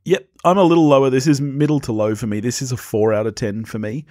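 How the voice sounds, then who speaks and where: A man co-hosting a podcast, giving blunt, animated opinions on a film and laughing easily. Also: medium pitch, fast talker, no room sound, clean studio sound. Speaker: podcast co-host. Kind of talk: casual film review chat.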